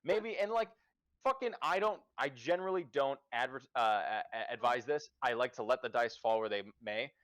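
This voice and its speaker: A man's voice: mid-range voice, moderate pace, a bit bright. A man hosting a casual livestream chat, giving profane, emphatic advice as a game master. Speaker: podcast host and dungeon master.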